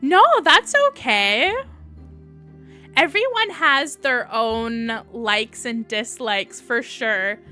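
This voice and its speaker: A woman's voice: on the high side, expressive, very slow, bright, forceful tone, clear, resonant tone, faint music behind. A young woman hosting a casual livestream, chatting and answering viewers' comments as she goes. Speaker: livestream host.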